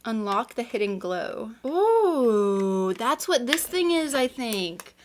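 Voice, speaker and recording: A woman hosting a nail unboxing vlog, gushing and excitable, talking casually with gasps and plenty of "like". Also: on the high side, slow pace, a little hiss or hum. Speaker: nail vlogger.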